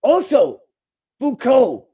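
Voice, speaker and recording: A man's voice: extremely high pitch, huge pitch swings, takes it slowly, dark tone, husky. A man hosting a show, delivering a mock-outraged comedic rant full of sarcastic asides. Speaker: show host.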